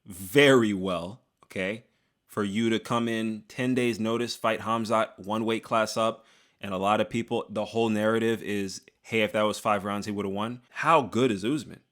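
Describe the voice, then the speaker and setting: A young man, an MMA commentator, giving an animated, jokey opinion vlog that talks straight to the fighters. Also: lowish voice, normal speed. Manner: animated, hyped, jokey, addresses fighters directly.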